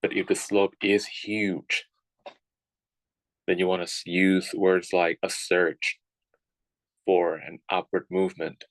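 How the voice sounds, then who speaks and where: A man's voice: deep voice, flat delivery, slow pace, pauses often, no echo, rough recording. A man teaching a writing class, lecturing with frequent "okay"s and restarts. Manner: repeats words and restarts, says okay often.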